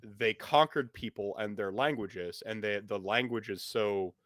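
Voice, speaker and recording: A man's voice: fairly low pitch, measured pace, fairly bright tone, no echo, studio quality. A man as game master, chatting in a rambling way with many fillers, then narrating a scene. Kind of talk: casual chat and game narration.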